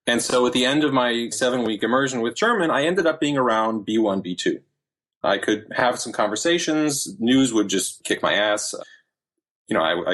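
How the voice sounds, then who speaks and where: Husky-voiced man telling a story. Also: lowish voice. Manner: animated storytelling with many fillers and restarts. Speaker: podcast guest. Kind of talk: casual interview chat.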